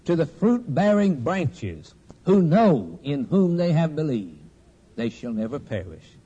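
Male preacher, slightly raised pitch, husky tone, cadenced sermon delivery with repeated refrains, dull lo-fi recording. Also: sing-song, a little slow, mellow.

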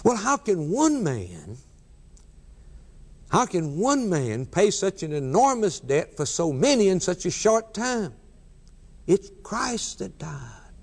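A man preaching a sermon with emphatic, repeated refrains. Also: high voice. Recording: long hall reverb.

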